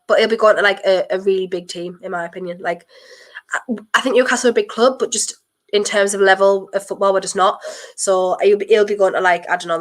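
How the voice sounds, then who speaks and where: A young woman with a blocked nose, chatting nervously and excitedly through a live football watchalong and breaking into sudden exclamations. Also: medium pitch. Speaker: streamer hosting a football watchalong.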